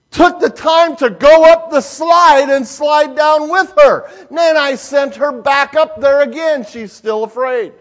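A male pastor preaching a sermon, telling a folksy family story with lively sound effects before drawing a lesson. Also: high-pitched.

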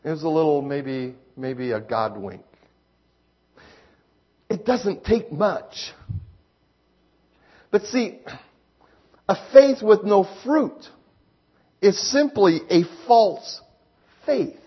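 Husky folksy preacher man. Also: high-pitched, expressive, drawn-out words, pauses often. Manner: folksy storytelling preacher, emphatic rises. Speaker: pastor. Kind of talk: sermon with personal stories. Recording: slightly dull lo-fi sound.

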